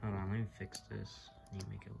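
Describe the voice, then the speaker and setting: A woman's voice: extremely low pitch, level tone, quick pace, vocal fry. A woman rambling through casual gameplay commentary, muttering and poking fun at herself, swearing when she fails. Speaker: gamer. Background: game music.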